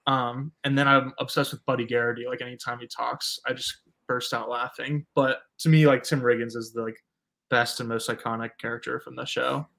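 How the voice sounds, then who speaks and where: A man's voice: medium pitch, flat delivery, brisk, creaky, a bit bright. A man co-hosting a podcast, chatting in a laid-back way with many filler words. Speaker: podcast co-host. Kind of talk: casual chat.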